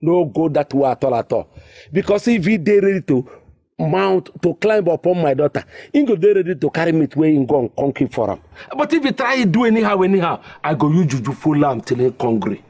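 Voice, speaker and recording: An excitable Nigerian village father. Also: a little high, fairly quick. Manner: theatrical, swooping exclamations. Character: excitable scheming village father, middle-aged. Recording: film dialogue.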